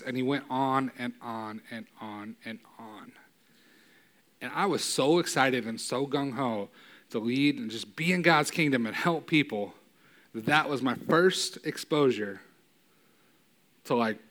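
A man preaching a sermon in a casual, conversational way, often asking "right?", and building to loud, emphatic peaks. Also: medium pitch.

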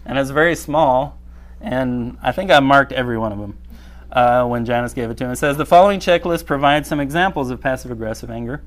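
A man's voice: mid-range voice, fairly quick. A man giving a conversational sermon, often checking in with the listeners and acting out everyday reactions. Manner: conversational, repeatedly asking "right?"; reads checklist aloud, acts out quoted reactions.

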